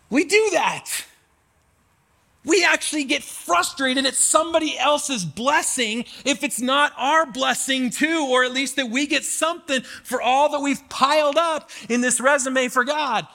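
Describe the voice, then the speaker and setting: A man in his forties preaching a sermon, his voice pitched very high and bright. He talks in an animated way, acting out pleading prayers to God. The sound carries a long reverb, as in a big church sanctuary. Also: measured pace, gravelly. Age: 40s. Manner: animated, acts out prayers to God with rising intensity. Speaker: pastor.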